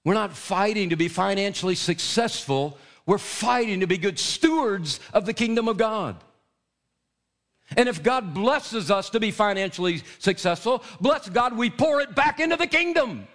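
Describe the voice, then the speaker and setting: A male preacher giving an impassioned sermon to men, swinging from soft asides to loud, rising declarations. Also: high-pitched, lively intonation, moderate pace.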